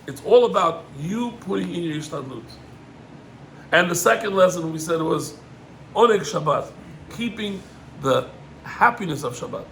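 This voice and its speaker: A middle-aged man, a rabbi, gives an animated Torah lesson, climbing in pitch on emphatic points and mixing in Hebrew terms. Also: normal speed, vocal fry, pauses often, slight background noise, low-quality recording.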